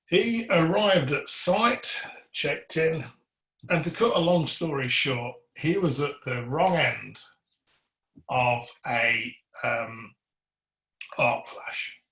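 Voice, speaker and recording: A man's voice: a little high, fairly bright tone. A man presenting a webinar on electrical compliance, earnest and emphatic, putting pointed questions to his audience and cueing slides to a colleague. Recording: roomy echo.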